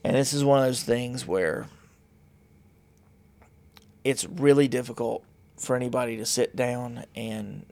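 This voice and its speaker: Gravelly man rambling in a blunt monologue. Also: medium pitch, unhurried, pauses often, a little mellow. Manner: rambling, blunt, self-mocking. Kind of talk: casual monologue.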